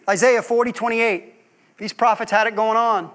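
A man's voice: sits high, steady tone, moderate pace, fairly bright tone. A man preaching a sermon as pastor, asking his congregation rhetorical questions and acting out quoted voices.

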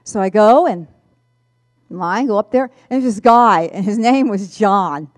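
A woman telling a personal testimony in an animated storytelling manner, acting out the voices. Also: medium pitch, measured pace, no room sound, clean studio sound. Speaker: speaker giving a testimony.

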